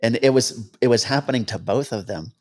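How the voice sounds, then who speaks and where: A man, a helicopter cameraman guest, telling stories casually and acting out the dialogue he quotes. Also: fairly quick. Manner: anecdotal, acts out quoted dialogue with lively pitch jumps. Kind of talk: casual storytelling interview.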